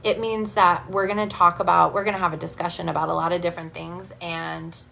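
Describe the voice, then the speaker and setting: A woman coach speaks in a fairly low voice, pitching her program with blunt, energetic tough love. Her delivery is direct and motivational, like a live stream to followers. A faint background hiss sits under the voice. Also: creaky. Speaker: business and spiritual coach.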